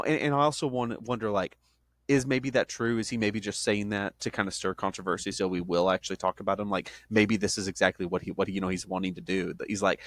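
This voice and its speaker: A man's voice: lowish voice, fairly bright tone, no echo, clean studio sound. A man co-hosting a podcast, chatting casually about sports in a rambling, joking way with restarts. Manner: rambling, self-interrupting, joking. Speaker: podcast co-host.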